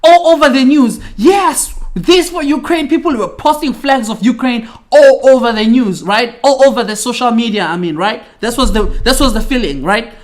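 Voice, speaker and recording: A man's voice: very high-pitched, moderate pace, hardly any pauses. A young South African man hosting a podcast in a casual chat, ranting in a heated, profane and slangy way. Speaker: podcast host.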